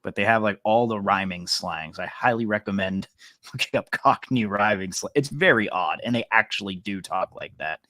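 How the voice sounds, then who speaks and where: A man's voice: fairly low pitch, normal speed, pushed and bright, no echo. A man co-hosting a podcast, chatting casually in a rambling, laid-back way. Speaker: podcast co-host. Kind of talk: casual chat.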